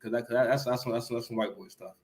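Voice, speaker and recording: A man's voice: medium pitch, fairly even intonation, very fast, a little mellow. A man vlogging a casual reaction to a clip, joking and rambling with lots of stammered restarts.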